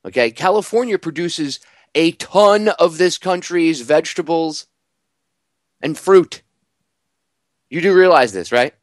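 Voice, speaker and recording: A man hosting a talk radio show, delivering an animated, sarcastic monologue full of rhetorical questions. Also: a little high, measured pace, pauses often, no room sound, studio quality.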